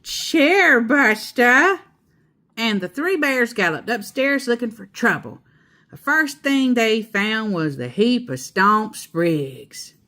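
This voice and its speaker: A woman reading a children's picture book aloud in a slow, expressive storyteller voice. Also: fairly high pitch. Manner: slow, expressive, laughing asides.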